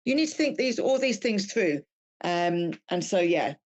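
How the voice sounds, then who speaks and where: A woman's voice: on the low side, big pitch swings, unhurried. A woman with an English-tinged accent chatting casually about business as a podcast guest, with plenty of fillers and restarts.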